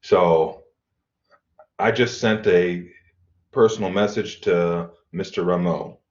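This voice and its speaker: A middle-aged man teaching an online college class, explaining in a relaxed way with fillers and throat clearing. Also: deep voice, slow. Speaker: college instructor. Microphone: computer mic on video call. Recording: dull lo-fi video call audio.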